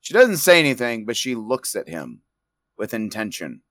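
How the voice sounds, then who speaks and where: A man's voice: lowish voice, wildly swooping pitch, moderate pace, fairly bright tone, dry recording. A man running a tabletop game as game master, narrating casually and with some swearing.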